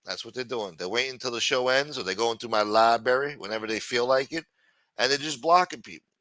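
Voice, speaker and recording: A male livestream host ranting in a profane, exasperated way. His voice is bright and forceful. It is recorded dry, with no room sound. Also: medium pitch, no echo.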